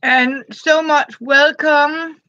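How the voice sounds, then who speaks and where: A woman, chatting gently on a live stream and greeting her viewers by name. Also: high voice, fairly even intonation, very slow, dry recording, highs cut off. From Denmark. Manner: greets viewers by name between thoughts, gentle, frequent soft laughs. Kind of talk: casual live-stream chat.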